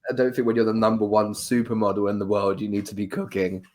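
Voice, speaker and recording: A man's voice: lowish voice, fairly even intonation, fast, darkish tone. A man from London with a London accent co-hosting a casual sports chat, rambling through jokey rants. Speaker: podcast co-host.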